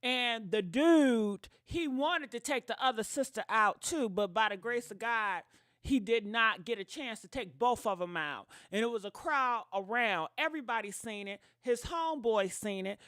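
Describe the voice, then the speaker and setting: Sassy high-voiced woman streamer. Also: unhurried, dry recording, clean studio sound. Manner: animated, sassy, talks straight to viewers. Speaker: commentary channel host. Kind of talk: casual livestream commentary.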